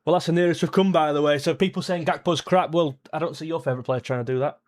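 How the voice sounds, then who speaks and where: A man's voice: fairly high pitch, fast talker. Blunt, frustrated young male football fan. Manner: frustrated, blunt, jumps to excited shouts at chances. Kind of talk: live match watchalong commentary.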